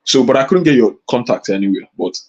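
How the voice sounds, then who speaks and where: A man speaking casually as a panelist on a live stream, effusive and halting, with many restarts. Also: medium pitch, expressive, a little mellow. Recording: dull lo-fi stream audio.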